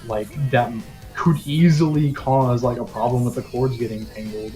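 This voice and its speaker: A man's voice: mid-range voice, fairly even intonation, moderate pace, dark tone, faint music behind. A young man chatting casually on a stream, rambling and hedging with lots of "like". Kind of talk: casual chat.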